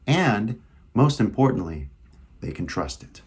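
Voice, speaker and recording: A man's voice: on the low side, lively intonation, a little slow, pauses often, darkish tone, husky. A young man with a Californian American accent, giving a casual English lesson and talking in a chatty, loose way full of "like" and "right?". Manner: chatty, filler-heavy, lots of "right?" and "like". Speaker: English teacher.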